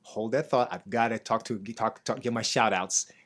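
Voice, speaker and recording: A middle-aged man hosting a casual interview show, talking easily and getting animated when he gives shout-outs. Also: lowish voice, moderate pace. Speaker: show host.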